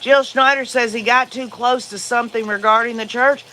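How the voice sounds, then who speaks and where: A man's voice: very high-pitched, steady tone, normal speed, bright, forceful tone, a little hiss or hum. A man with a Southern US accent hosting a casual livestream, answering viewer comments in a rambling, opinionated way. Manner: rambling and opinionated, with frequent fillers. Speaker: livestream host.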